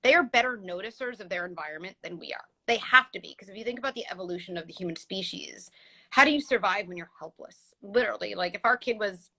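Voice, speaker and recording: A woman hosting a casual conversation as a parenting psychologist, explaining with lively examples over a video call. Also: medium pitch, fast talker. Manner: animated, explains with vivid examples. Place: home, recorded livestream.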